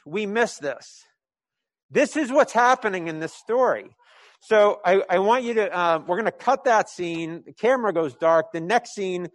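A man's voice: fairly high pitch, dry recording. A man from New England preaching conversationally, painting a scripture story like a film scene with many fillers and restarts. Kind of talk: sermon told as a vivid imagined film scene.

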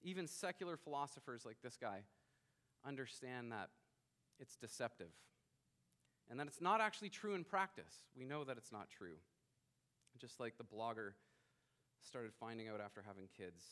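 A man in his thirties preaching a sermon as pastor, emphatic, rising to loud bursts and dropping quiet. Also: medium pitch, expressive, normal speed, pauses often.

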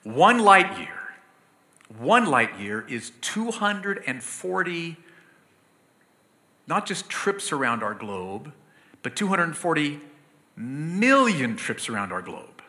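A man preaching a sermon, explaining scripture earnestly and slowing down to stress key words, swelling to emphatic bursts. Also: a little high, sing-song, pushed and bright.

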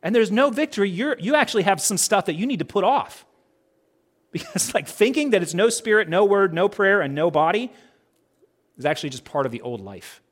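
Brief: male pastor, slightly higher pitch, chatty sermon delivery, rhetorical questions, acts out dialogue. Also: expressive, a little fast. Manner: conversational, acts out quoted dialogue; uses many rhetorical questions.

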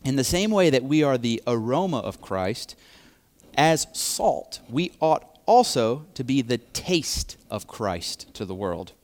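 A man preaching a sermon, speaking deliberately and repeating key phrases for emphasis. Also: medium pitch, sing-song.

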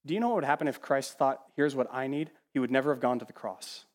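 A man preaching a sermon as pastor, animated, sometimes mimicking the voices he quotes and dropping to a hush. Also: medium pitch, fast talker, long reverb tail. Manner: animated, acts out quoted voices, swings from loud to hushed. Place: church sanctuary.

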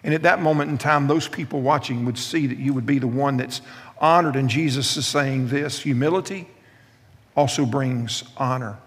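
A man's voice: mid-range voice, moderate pace, in a large hall. A man preaching a sermon as pastor, telling funny stories and repeating his key lines for emphasis.

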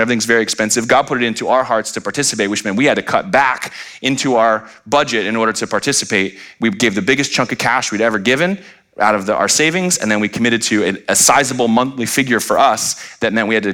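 A man's voice: medium pitch, pushed and bright. A middle-aged man preaching a sermon as pastor, emphatic and full of rhetorical questions, sometimes acting out voices.

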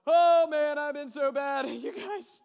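A man's voice: takes it slowly, creaky, dull audio, exaggerated voice. A man putting on a whiny, overdramatic sobbing penitent who wails about having been bad. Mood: mock sobbing. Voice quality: high whining wail, laughing through fake tears. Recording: long hall reverb.

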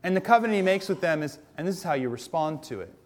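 A man preaching a sermon as a pastor, telling the stories in a conversational, animated way. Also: fairly high pitch, fast talker.

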